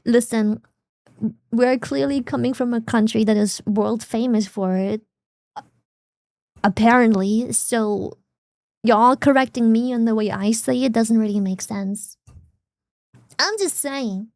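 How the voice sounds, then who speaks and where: A woman from Germany chats on stream in her German accent, sarcastic and quick to giggle. Her voice sits fairly high, recorded close and dry on a desk mic. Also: darkish tone, dry recording. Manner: sarcastic, giggly, swears casually. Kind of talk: casual chat.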